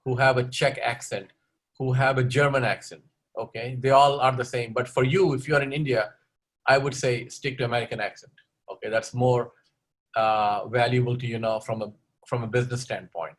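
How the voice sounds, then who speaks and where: A man's voice: mid-range voice, steady tone, moderate pace. A man answering audience questions as the speaker of an online webinar, giving advice on learning English and often ending points with "okay?". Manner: advising, repeats "okay?" after points.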